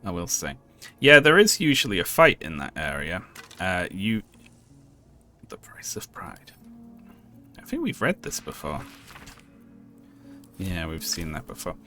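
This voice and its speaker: A man commentates on a live game stream, casual and sarcastic, laughing often. His voice sits somewhat low with a bright, forceful edge. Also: big pitch swings, normal speed, pauses often, soft background music.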